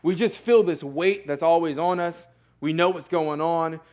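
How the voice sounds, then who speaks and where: A young male pastor delivers a sermon in a church sanctuary. His voice sits a little high, and he speaks in an earnest, conversational way, full of fillers and quick self-corrections. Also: a little mellow.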